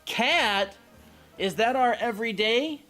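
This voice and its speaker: A woman's voice: fairly high pitch, expressive, slow, fairly bright tone. A woman co-hosting a live art stream, chatting casually and joking playfully. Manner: playful and jokey. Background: faint Christmas music.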